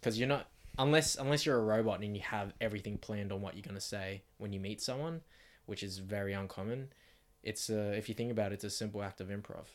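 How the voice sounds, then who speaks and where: A man with an Australian accent co-hosting a casual podcast from a home bedroom, laying out his ideas step by step in a loose, relaxed way. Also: on the low side, fast talker. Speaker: podcast co-host.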